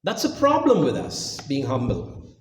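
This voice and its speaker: A man's voice: mid-range voice, huge pitch swings, a little slow, a little hiss or hum. A man preaching a sermon, acting out quotes with jokey asides. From India. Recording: echoey hall, mic from a distance.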